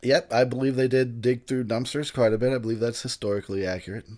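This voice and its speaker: Tipsy male commentary host in his late 30s or 40s, mid-pitched, rambling and jokey. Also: steady tone, quick pace, darkish tone. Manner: rambling, loose and joking, with many fillers and restarts. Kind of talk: casual drunk movie commentary.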